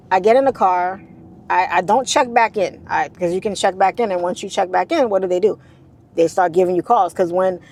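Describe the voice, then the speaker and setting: A woman's voice: medium pitch, a little mellow, slight background noise. A woman telling a candid story for her vlog, blunt and casual, swearing freely and repeating herself for emphasis.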